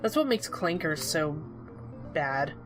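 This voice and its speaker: A young woman with a slightly low voice chats through a game playthrough, teasing her co-player and trailing off into fillers. Faint game music plays under her home-recorded commentary. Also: sing-song. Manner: chatty, teasing, halting with fillers. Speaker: co-host of a game let's-play. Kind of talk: casual gaming commentary.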